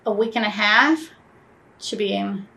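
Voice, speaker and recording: A woman's voice: mid-range voice, takes it slowly, gravelly, sharp tone. A woman telling a personal story in a casual interview, acting out both sides of the conversations she recalls.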